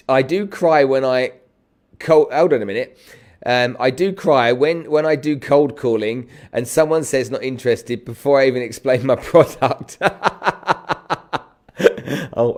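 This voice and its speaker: A middle-aged man giving a lively sales coaching talk on a live stream, greeting viewers by name. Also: medium pitch.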